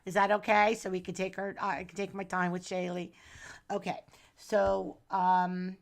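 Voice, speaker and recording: A middle-aged woman from New Jersey chats casually on a live stream while reading a viewer's astrology chart, calling the viewer hon and doll. Her mid-range voice is creaky and flat, at a moderate pace.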